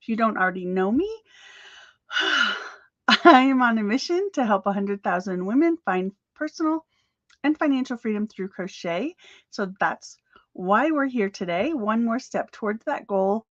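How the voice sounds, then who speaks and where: A woman's voice: on the high side, animated, moderate pace, no echo, lo-fi sound. A woman coaching crochet sellers in a chatty, upbeat live stream, with fillers and little laughs. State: slightly out of breath.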